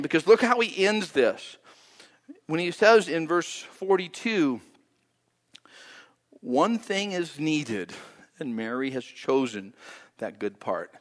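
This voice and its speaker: A high-pitched male pastor preaching a sermon, his voice ringing with the long reverb of a large hall. He is animated and acts out the prayers he quotes, swinging his pitch up and down and going loud or soft.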